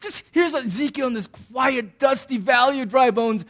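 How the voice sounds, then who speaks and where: A middle-aged man preaches with a light, high voice. He keeps things animated and jokey, slipping into little acted-out voices as he goes. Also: normal speed. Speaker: pastor. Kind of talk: sermon.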